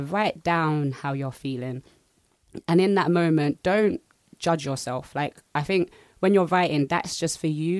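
A woman's voice: low voice, darkish tone, no echo. Woman on a panel, giggly and chatty, dry close sound. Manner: bubbly, laughing, acts out her own voice in quotes. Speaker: panel guest. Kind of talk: casual panel chat.

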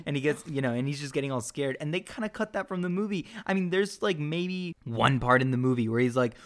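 A man's voice: on the high side, animated, quick pace, a bit bright. A young man co-hosting a casual film review, opinionated and rambling as he talks. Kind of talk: casual chat.

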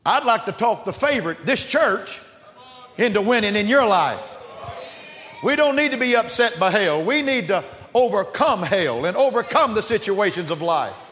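A man preaching a sermon in a church, impassioned, swinging between shouts and hushed asides. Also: high-pitched, big pitch swings, moderate pace. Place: church sanctuary. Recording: long church reverb.

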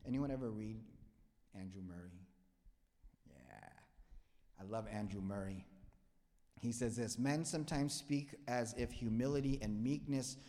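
A young man preaching a sermon with a playful, self-mocking manner, swinging from quiet asides to loud emphatic bursts. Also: lowish voice, lively intonation, measured pace, pauses often. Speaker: pastor. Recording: echoey hall with long reverb.

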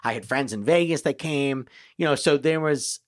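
A man's voice: mid-range voice, moderate pace, no echo, studio quality. A comedian and author, a man, telling stories as a guest in a casual podcast conversation. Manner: storytelling, animated, quotes people in put-on voices.

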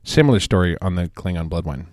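Brief: low-voiced male co-host with a dry, joking delivery. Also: expressive, quick pace, a little mellow, no room sound. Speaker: podcast co-host. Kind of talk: casual chat.

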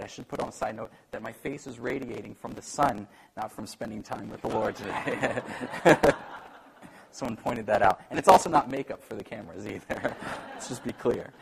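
A man preaching a sermon in an animated way, acting out the voices he quotes and joking about himself. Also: medium pitch, creaky, slight background noise, low-quality recording. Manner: animated, acts out quoted voices, self-deprecating humor. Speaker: pastor.

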